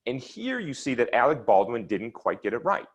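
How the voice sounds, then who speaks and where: A man's voice: mid-range voice, very animated, normal speed, husky. A man presenting his research at an online seminar, explaining slides and charts step by step. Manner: explanatory, walks listeners through charts step by step. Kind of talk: lecture with slides.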